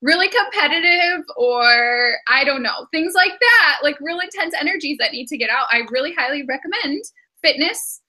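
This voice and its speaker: A woman's voice: sits high, expressive, normal speed, pushed and bright. A woman giving a casual tarot and astrology reading, chatty and often breaking into giggles. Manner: giggly, chatty, many fillers.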